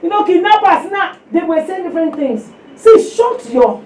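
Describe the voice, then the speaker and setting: High-voiced woman preaching. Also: moderate pace, background noise. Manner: animated storytelling, acting out voices, exclamations. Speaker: women's fellowship preacher. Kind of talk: sermon with personal testimony. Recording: echoey room, distant mic.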